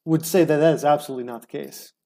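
A man's voice: on the high side, fairly even intonation, fast talker, creaky, dark tone. A man in casual argumentative banter on a call, defensive and sarcastic, full of stammered restarts. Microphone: remote call mic.

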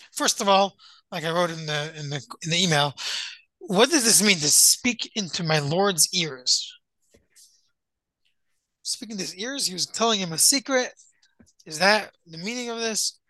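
A man's voice: high-pitched, bright, forceful tone, no room sound, rough recording. A man, a rabbi, teaching a Torah class. He poses his own questions and answers them, reading a Hebrew verse and then translating it.

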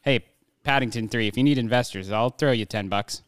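Excitable swearing man in film chat. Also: medium pitch, brisk, clean tone, no room sound, clean studio sound. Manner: excitable, swears casually, laughs often. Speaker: podcast co-host. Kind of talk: casual movie review chat.

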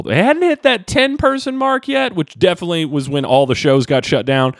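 A man's voice: moderate pace, hardly any pauses, no echo, studio quality. A man hosting a solo comedy podcast, rambling and self-mocking, with a slight Southern twang from Kentucky. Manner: animated, jumps pitch for comic emphasis, self-mocking. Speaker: podcast host and stand-up comedian.

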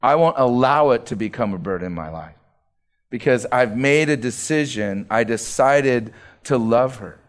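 A man's voice: mid-range voice, animated, moderate pace. Earnest male pastor preaching. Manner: earnest preaching, rising emphatic repetition. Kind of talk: sermon.

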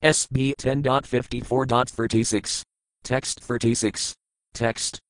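A man reciting scripture in a measured, methodical cadence, working through each verse, its word meanings and its translation. His voice sits at an ordinary male pitch. The recording is dry and close, with no room around it. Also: flat delivery, no echo, poor audio. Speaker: scripture reader.

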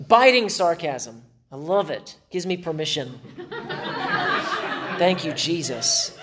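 A man's voice: fairly high pitch, animated, takes it slowly, long pauses, a loud crowd, heavy background noise. A male pastor preaching a sermon in an emphatic way, with dry sarcastic humor.

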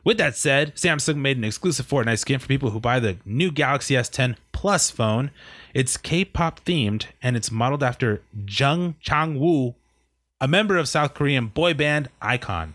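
A man's voice: mid-range voice, expressive, moderate pace, a bit bright, no room sound, clean studio sound. A man co-hosting a gaming podcast in a laid-back, joking casual chat. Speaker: podcast co-host.

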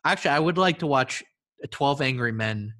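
A man's voice: mid-range voice, animated, fairly quick, sharp tone. A man riffing playfully in a casual comedic podcast chat. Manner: riffing, playful, slips into silly voices.

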